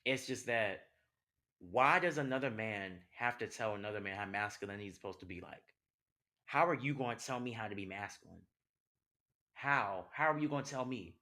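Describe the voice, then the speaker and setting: Passionate young man, bright voice. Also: medium pitch, brisk. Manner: passionate, conversational, rhetorical questions. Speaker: podcast host. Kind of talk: personal monologue.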